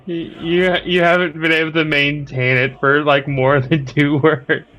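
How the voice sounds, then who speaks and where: A man's voice: a little high, level tone, measured pace, sharp tone. A man playing a tabletop game, chatting casually and teasing with laughs. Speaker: player. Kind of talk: casual chat.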